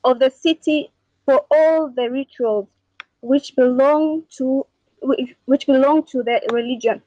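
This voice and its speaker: A woman's voice: high-pitched, a little slow, no echo. A woman calling into a debate, hesitant and defensive, heard over dull call audio. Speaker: caller.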